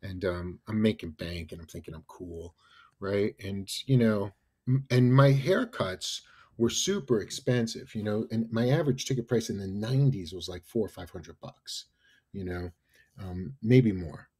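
A man in his fifties from New York, a podcast guest telling animated stories and often adding "right?" and "you know". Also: fairly low pitch, moderate pace, slightly rough. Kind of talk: casual storytelling interview.

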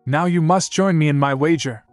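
A man's voice: a little high, normal speed, no echo, soft background music, voice pushed up, lightly acted. A man voicing a proud, clever young princess who speaks in a cool, formal, commanding way. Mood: determined.

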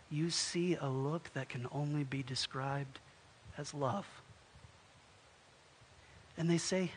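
A male pastor preaching a sermon and telling a story, swinging from loud and lively to soft and hushed, often restarting his words. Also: on the high side, slow pace, long pauses, slight background noise.

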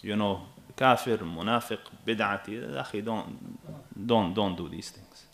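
A man in his thirties preaching a sermon in an animated, emphatic way, often checking with his listeners. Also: on the low side, a little slow. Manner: animated and emphatic, with asides to the audience.

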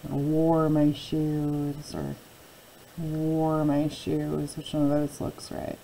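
A woman's voice: deep voice, completely flat delivery, takes it slowly, mellow, slight background noise, rough recording. A woman teaching a phonics lesson to young children, drawing out each word patiently as she models it.

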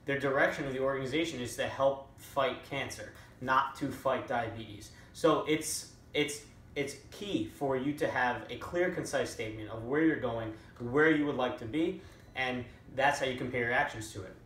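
A man's voice: medium pitch, moderate pace, fairly bright tone, a little hiss or hum. A man summarizing a book chapter in a casual talk, with many fillers and restarts. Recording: echoey room, a little far from the mic.

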